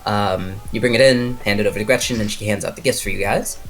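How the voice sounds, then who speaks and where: A man's voice: on the low side, quick pace, faint music behind. A man narrating as game master of a tabletop horror game, casual and rambling with many fillers.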